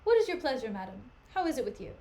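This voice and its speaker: A woman's voice: fairly high pitch, very animated, fast, darkish tone, a little hiss or hum, pitched below the performer's own voice. A woman reading the part of a scheming male soldier who speaks with false sympathy. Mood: feigned concern. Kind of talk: dramatic reading of a play.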